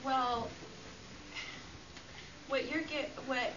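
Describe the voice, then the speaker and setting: A woman speaks up in a church class, hesitant and slow, searching for words. She sits far from the microphone. The recording is lo-fi with loud room noise. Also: high-pitched, fairly even intonation. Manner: hesitant, full of fillers. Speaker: class member. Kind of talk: group discussion comment. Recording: distant, lo-fi, noisy room mic.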